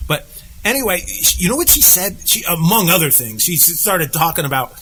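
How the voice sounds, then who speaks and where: Male co-host, high bright voice, animated storyteller, faint background noise. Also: fairly quick, rough recording. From United States. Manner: animated storyteller, acts out quotes. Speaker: podcast co-host. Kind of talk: casual political chat.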